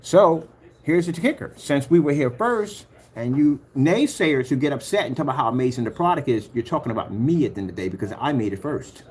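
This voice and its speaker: A man's voice: mid-range voice, expressive, a little fast, darkish tone, breathy edge. A man, rambling and boastful as he scrolls through his own demos, humming filler sounds and challenging rivals. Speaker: projector screen paint maker. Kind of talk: rambling screen-recording vlog.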